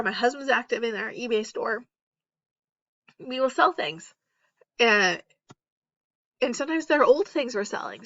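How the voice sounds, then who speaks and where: A middle-aged woman talking casually about reselling online while she lists items, candid and quick to laugh at herself. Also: a little high, bright, forceful tone, no room sound, dull audio. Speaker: eBay reseller and YouTuber. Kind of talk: casual list-with-me chat. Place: home, at night. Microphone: close, off camera.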